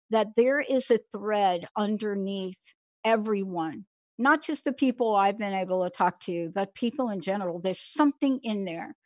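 A woman from the Bronx hosts an interview at a middle pitch, in a dry and close sound. She affirms her guest with enthusiasm and shares her own story in turn. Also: darkish tone, no echo. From the Bronx, New York. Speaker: interview host. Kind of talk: conversational interview.

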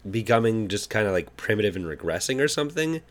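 A man's voice: fairly low pitch, sing-song, fast. A man co-hosting a casual chat, hedging his points with lots of fillers. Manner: hedging, filler-heavy talk. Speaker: podcast co-host.

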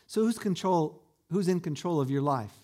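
Guy preaching in church, kinda high voice, keeps asking the congregation questions. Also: animated, moderate pace, darkish tone. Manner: earnest preaching with rhetorical questions to the room. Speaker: pastor. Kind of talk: sermon.

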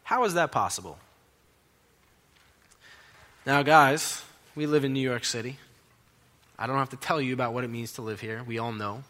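Bright-voiced preacher in an echoing hall. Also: male voice, mid-range voice, moderate pace, pauses often. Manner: conversational, emphatic storytelling preacher. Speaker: pastor. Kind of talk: sermon. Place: church in New York City. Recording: long hall reverb.

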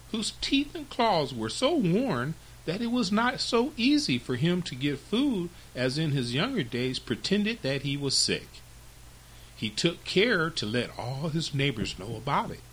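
A man hosting a storytelling podcast, reading fables to children with very expressive, lively narration. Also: on the high side, rough recording.

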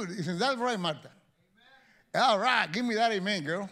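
A man preaching a sermon as pastor, animated and joking with the congregation. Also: sits high, slow, long pauses.

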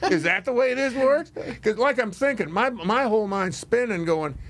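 Lively high-voiced man telling a story. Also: moderate pace. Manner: animated, laughing, acts out voices in his story. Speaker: radio show host. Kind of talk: casual storytelling chat.

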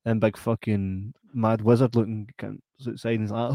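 A Scottish man co-hosting a casual podcast, retelling a film in an animated, sweary way. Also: mid-range voice, fairly quick, hardly any pauses, dry recording, clean studio sound. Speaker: podcast co-host. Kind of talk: casual late-night chat.

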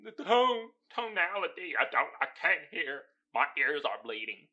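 Male podcast host, animated casual monologue with a bright tone and lively pitch, slangy and profane. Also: normal speed, few pauses. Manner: animated, swings from low muttering to loud exclaiming; slangy, profane, laughs at his own points. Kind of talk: casual solo commentary.

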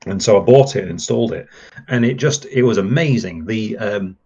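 A man's voice: lowish voice, fairly quick, darkish tone, husky, muffled recording. A man, a podcast guest chatting enthusiastically with lots of fillers. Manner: rambling and enthusiastic, many fillers. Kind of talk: casual podcast chat.

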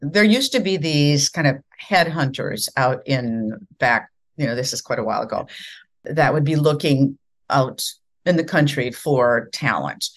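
A woman's voice: a bass voice, measured pace. An older woman from the American Midwest, a former news anchor, telling stories in conversation and acting out the dialogue. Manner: animated storyteller acting out dialogue. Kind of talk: conversational storytelling.

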